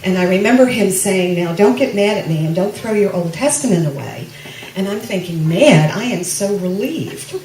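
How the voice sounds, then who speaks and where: A woman's voice: medium pitch, a little fast, darkish tone, slight background noise. A woman giving a chatty personal testimony to a church congregation, with self-deprecating humor. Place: church sanctuary. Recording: echoey room, mic from a distance.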